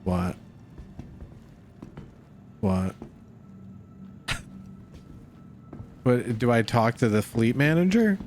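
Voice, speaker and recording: A man's voice: medium pitch, very animated, drawn-out words, long pauses, darkish tone. A young man streaming a space game, giving casual commentary full of cursing, jokes and laughter. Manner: profane, joking, laughs often, calls everyone dude. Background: game music.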